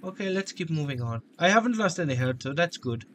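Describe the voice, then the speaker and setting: A man's voice: a little high, expressive, brisk, a little hiss or hum. A man giving joking let's-play commentary, full of crude banter. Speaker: gaming video host.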